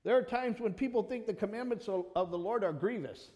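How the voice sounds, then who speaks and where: A man preaching a sermon, animated, calling on members of the congregation by name and quoting scripture. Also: high-pitched, a little fast. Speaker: pastor. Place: church. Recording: long reverb of a church hall.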